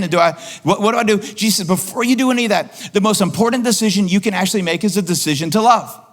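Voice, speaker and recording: A male pastor preaching a sermon in an animated way, acting out quoted voices and repeating lines for emphasis. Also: sits high.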